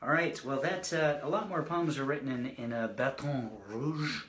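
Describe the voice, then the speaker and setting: Reading his poems online from an indoor space, this man speaks on the high side, fairly quickly and a bit brightly, with a roomy sound. His casual session wanders between pieces, full of jokes and self-deprecating remarks.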